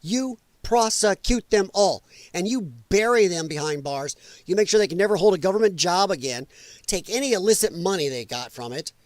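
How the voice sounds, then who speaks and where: High-voiced, blunt, profane male host. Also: expressive, fairly quick, dry recording. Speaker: livestream show host. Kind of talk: ranting live commentary.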